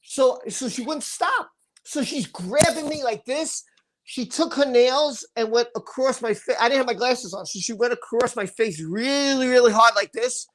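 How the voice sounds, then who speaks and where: A man on a live stream tells a story from his own life in an animated, casual way. He repeats himself and starts sentences over as he goes, and he switches into the voices of the people he is quoting. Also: very high-pitched, moderate pace, slight background noise. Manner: animated, acts out the dialogue of others in his story; repeats words and restarts sentences while recounting. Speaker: live stream host telling a personal story. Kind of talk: casual first-person storytelling.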